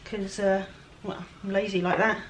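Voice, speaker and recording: A woman with a Welsh lilt chats away to her viewers as she works, joking about her own laziness. Her voice sits in an ordinary middle range. A steady hiss of background noise runs under the outdoor recording. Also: medium pitch, normal speed. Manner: chatty, self-deprecating, talks to viewers while working. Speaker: furniture flipper. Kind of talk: casual DIY vlog narration. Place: outdoor work area with flies.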